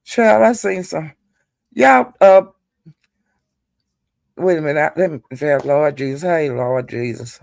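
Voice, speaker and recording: A woman's voice: low-pitched, a little slow, creaky, pauses often, a little mellow, no room sound, studio quality. A woman hosting a livestream, retelling an online feud in a chatty, gossipy way and calling her listeners "child". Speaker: livestream host.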